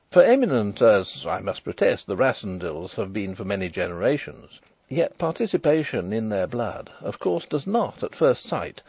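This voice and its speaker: Husky, expressive male audiobook narrator. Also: mid-range voice, no echo. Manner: wry, expressive storytelling. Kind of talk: scripted narration of a classic novel. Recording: dry close recording.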